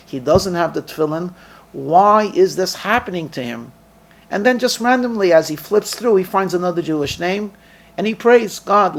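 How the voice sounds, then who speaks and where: Lively storytelling rabbi, man. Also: high-pitched. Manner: lively storyteller, acts out dialogue. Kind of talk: storytelling sermon.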